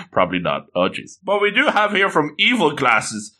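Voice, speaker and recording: A man's voice: mid-range voice, lively intonation, moderate pace, pushed and bright. A man reading a comic chapter aloud and commenting on it in a playful, joking way, acting out the characters. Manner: playful, joking, fond of the same exclamation; acts out the characters with changing voices. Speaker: reader reviewing a comic chapter. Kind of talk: casual comic read-along with commentary.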